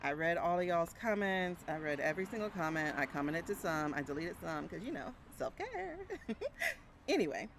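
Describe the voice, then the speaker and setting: This casual vlog chat features a woman in her 40s, a brand coach, talking to her viewers by a street and laughing often. A small mic plugged into her phone picks up faint traffic too. Her voice is fairly low and very animated at normal speed.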